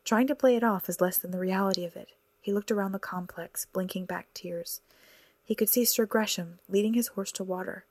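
A woman narrating an audiobook in a soft, hushed, partly whispered delivery. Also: medium pitch, brisk, no echo.

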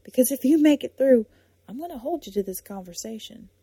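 A woman reading a storybook, voicing a blunt, spirited young woman with a lively, teasing way of talking. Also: a little fast, breathy edge, heavily acted. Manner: lively and teasing, rising pitch.

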